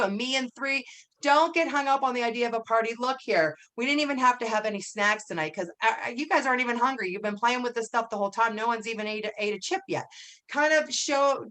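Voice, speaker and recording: A chatty woman runs a casual training session for her sales team over a video call. She acts out sample lines to her guests in a lifted, brighter voice, then drops back to plain talk. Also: fairly high pitch.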